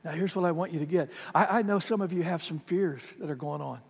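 A man's voice: a little high, fast, gravelly, slightly rough. A male pastor preaching a sermon in a church sanctuary, emphatic with frequent repeats. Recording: long church hall reverb.

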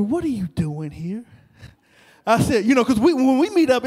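A male preacher telling a story in an animated sermon, repeating phrases and calling out to the congregation. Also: sits high. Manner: animated, repetitive, talks to the crowd. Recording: long reverb of a large hall.

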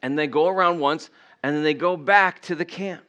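A pastor delivers a sermon, retelling scripture in a storyteller's manner and slipping into the voices of the people he describes. His tone is bright and forward, his voice smooth and crisp. He sits a little higher than most men. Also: moderate pace, muffled recording. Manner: animated storytelling, acts out voices.

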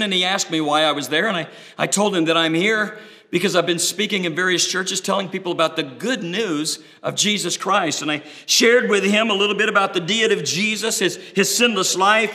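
A man's voice: high-pitched, sharp tone. A man preaching a sermon with dramatic delivery, acting out the voices he quotes. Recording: long reverb of a large hall.

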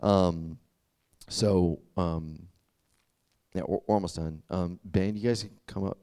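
A young male preacher talks to a youth crowd as if chatting with friends, full of fillers and quick check-ins. His voice sits a little low and sounds smooth. The recording is dry and close. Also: steady tone, mellow, no room sound. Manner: conversational, filler-heavy, often asks "does that make sense?". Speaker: youth pastor. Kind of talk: casual sermon.

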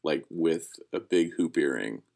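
Deep, slow, deadpan podcast co-host. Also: creaky. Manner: dry, deadpan reactions, short replies. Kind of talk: casual chat.

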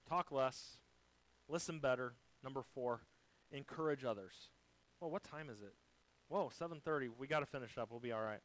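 A man delivering a sermon as a pastor, swinging between loud emphasis and soft, quiet lines while quoting scripture. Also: mid-range voice, moderate pace, rough recording.

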